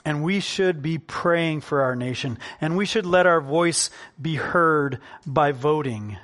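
A man preaching from the pulpit in a somewhat higher voice. He is earnest and conversational, and he slows down on the points he wants to land. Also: a bit bright. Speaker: pastor. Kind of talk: sermon.

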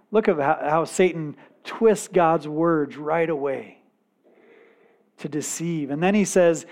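A man preaching a sermon in an earnest, measured way, with dramatic pauses and quiet emphasis. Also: on the high side. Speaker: pastor.

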